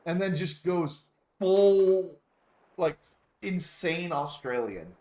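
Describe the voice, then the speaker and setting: A young man chatting casually over his game stream with a wry sense of humor. His voice is a bit high and very lively in pitch. He laughs easily between remarks. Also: takes it slowly. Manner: wry, joking, laughs often.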